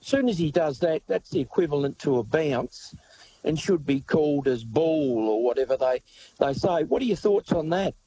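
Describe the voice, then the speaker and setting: A man's voice: a little high, lively intonation, moderate pace, mellow, breathy edge, no room sound, low-quality recording. A man with an Australian accent calling in to a radio show with an earnest, rambling comment about a football rule. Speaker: caller.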